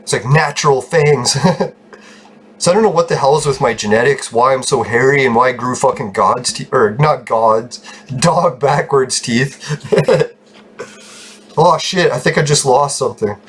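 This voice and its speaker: A man's voice: mid-range voice, animated, normal speed, breathy edge. A man telling rambling personal stories while commenting on his gameplay, swearing often and laughing at himself. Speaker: gaming YouTuber.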